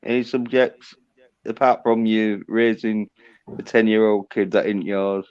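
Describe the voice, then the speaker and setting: A man's voice: lowish voice, level tone, a little slow, darkish tone, clear, resonant tone. A man hosting a casual livestream, trading crude, profane banter with his guests. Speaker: livestream host. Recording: dull lo-fi sound.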